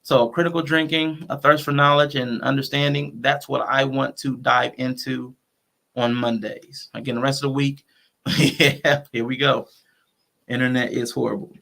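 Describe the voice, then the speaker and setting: A man's voice: medium pitch, flat delivery, normal speed, vocal fry, bright, forceful tone. A man hosting a casual livestream talk show, speaking conversationally with features and restarting his sentences as he thinks aloud. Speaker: show host.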